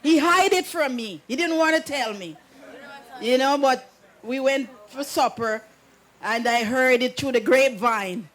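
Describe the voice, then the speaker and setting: A woman's voice: sits high, unhurried, a bit bright, some chatter behind. A middle-aged woman, the groom's mother giving a wedding message, telling a meandering story, often saying "anyways" and laughing. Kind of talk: rambling personal storytelling.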